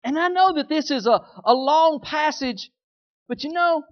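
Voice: high-pitched, moderate pace. A preacher delivering a sermon, emphatic and folksy, chuckling and leading the crowd to repeat lines. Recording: dull, lo-fi sound.

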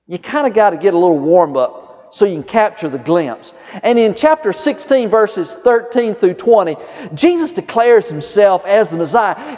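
Animated high-voiced preacher in a hall. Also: male voice. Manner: lively preaching, drops low and soft for quoted words of Jesus. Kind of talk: sermon. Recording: dull reverberant hall sound.

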